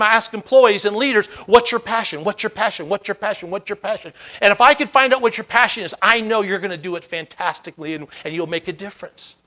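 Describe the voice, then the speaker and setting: Male keynote speaker, high register, sharp tone; dramatic storyteller who repeats lines for effect. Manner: dramatic storytelling with emphatic repetition; swings between loud emphasis and hushed low lines. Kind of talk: motivational keynote speech.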